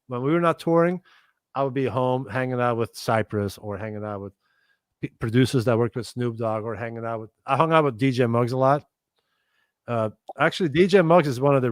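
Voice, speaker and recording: Animated man telling stories in a dry voice. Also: mid-range voice, no echo. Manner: animated, swears casually, acts out other people's lines. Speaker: guest musician. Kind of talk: casual storytelling chat.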